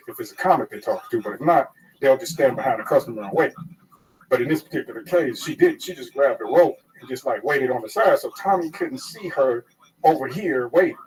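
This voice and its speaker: A comedian telling a story in casual talk, crude and animated, acting out what others said. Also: male voice, medium pitch. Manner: animated, crude, acts out quotes. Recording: distant mic.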